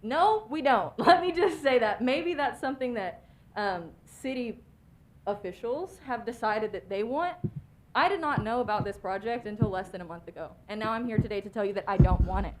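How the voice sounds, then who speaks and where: A woman's voice: mid-range voice, a little fast. A young woman giving an impassioned, plainspoken public comment at a city council meeting. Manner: impassioned, plainspoken, grows worked up. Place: council chamber.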